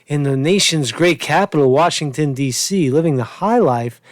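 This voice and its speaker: A man in a casual, rambling rant, crude and profane, who keeps calling the listener "man". He sounds tired and sore after a long drive. His voice sits a little high for a man and is recorded close in a dry, dead room. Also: normal speed, no room sound. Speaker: political commentary vlogger.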